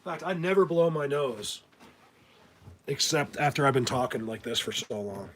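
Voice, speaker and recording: A man's voice: medium pitch, lively intonation, normal speed, a bit bright, slight background noise. A man hosting a casual livestream, rambling and stammering as he thanks viewers, bothered by a whistling ringing in his ears. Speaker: livestream host.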